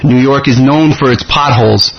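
A man's voice: medium pitch, normal speed, a crowd in the background. A man in his thirties giving an earnest personal testimony, telling a story and acting out the dialogue. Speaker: devotee sharing a personal story. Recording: slightly muffled audio with faint hiss.

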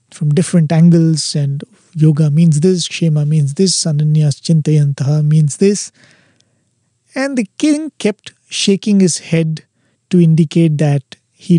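Guy telling a devotional story, measured, warm voice, dry close sound. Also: fairly high pitch, no echo. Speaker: spiritual speaker.

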